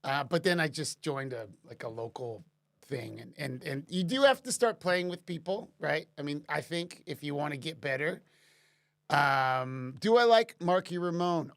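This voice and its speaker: A man's voice: a little high, animated, moderate pace, creaky, fairly bright tone. A man casually answering chat questions on a live stream, rambling with many restarts and fillers. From Canada.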